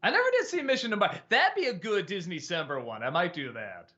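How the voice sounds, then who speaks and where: A man's voice: high voice, very animated, fast talker, pushed and bright, muffled recording. A man hosting a casual livestream chat who reacts to viewer questions, laughs often and stammers on restarts. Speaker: show host answering chat questions.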